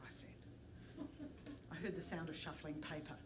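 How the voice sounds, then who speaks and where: A woman's voice: deep voice, normal speed, far from the mic. Aussie woman telling a story live, does little voices for people, roomy echo, bit of hiss. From Australia. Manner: animated, puts on voices for the people in the story, laughs along. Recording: echoey room with faint noise.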